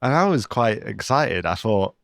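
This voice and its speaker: Low-voiced man telling a travel story. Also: normal speed, vocal fry, no echo, studio quality. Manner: storytelling, relaxed and chatty. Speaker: podcast co-host. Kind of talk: casual chat.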